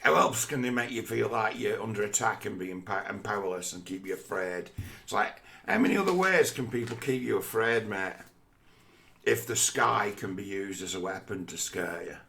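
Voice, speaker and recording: Low, gravelly man, rambling. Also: moderate pace, bright, forceful tone, slight background noise. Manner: swearing, rambling, conversational. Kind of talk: casual monologue.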